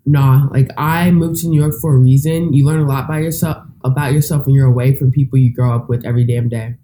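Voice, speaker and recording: A woman guest on a podcast with a mellow, dark voice. She talks bluntly and casually, with plenty of slang. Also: a bass voice, fairly even intonation, fast talker, slight background noise.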